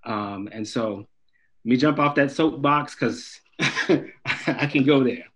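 Man therapist guest, mid-pitched voice. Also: takes it slowly, a bit bright. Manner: explanatory, self-correcting. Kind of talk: panel discussion.

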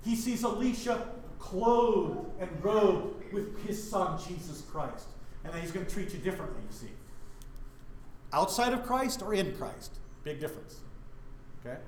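A middle-aged pastor from Wyoming leads a Bible study in a church and keeps throwing questions at his listeners. His voice sits fairly high for a man. The room gives it a clear echo. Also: unhurried, slight background noise. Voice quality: animated, questioning the audience.

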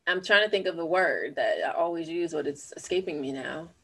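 A woman's voice: lowish voice, fairly quick, fairly bright tone, breathy edge. A woman co-hosting a podcast in casual chat, thoughtful and rambling, often questioning herself. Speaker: podcast co-host.

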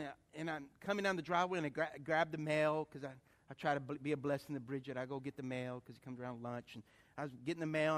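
Male pastor, middle-aged, high-pitched, animated sermon delivery with call-and-response. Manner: animated, calls for congregation responses. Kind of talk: sermon with anecdote.

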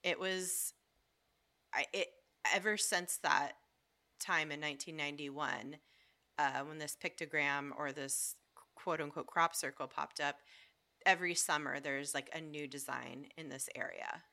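Woman, low-pitched but bright, chatty casual storyteller. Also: steady tone, measured pace. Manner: chatty, filler-heavy storytelling with lots of "like". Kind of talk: casual chat.

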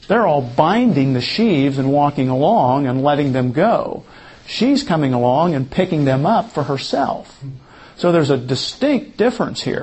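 Husky man teaching a Bible lesson. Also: a little high, darkish tone. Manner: explains while pointing at a drawing, with frequent restarts.

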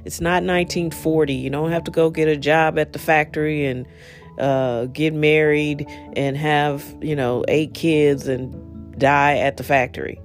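Rambling storyteller over soft guitar. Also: mid-range voice, measured pace. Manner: rambling, many fillers and asides; animated when retelling exchanges. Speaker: monologue speaker. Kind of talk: casual storytelling and advice.

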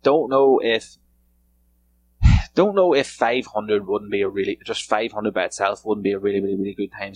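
A man's voice: lowish voice, slight background noise, low-quality recording. A man hosting a solo podcast from a room at home, rambling casually and swearing freely. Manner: rambling, profane and laid-back. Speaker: podcast host.

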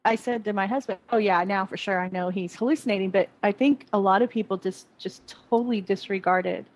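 A woman's voice: mid-range voice, brisk, rough recording. A woman co-hosting a podcast, chatting casually about a TV episode in a rambling way with many restarts. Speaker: podcast co-host. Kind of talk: casual chat reviewing a TV episode.

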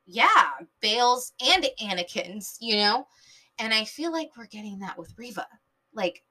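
Female fan host, tired, chatty and rambling, with a bright edge to the voice. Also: mid-range voice, poor audio. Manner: rambling, filler-heavy, enthusiastic fan talk. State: tired, late at night. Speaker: podcast host reviewing a TV episode. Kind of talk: casual chat.

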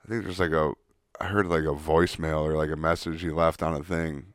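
A man's voice: extremely low pitch, level tone, fairly quick, clean tone, no echo, clean studio sound. A man co-hosting a podcast, laid-back and agreeable, swearing casually. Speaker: podcast co-host. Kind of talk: casual chat.

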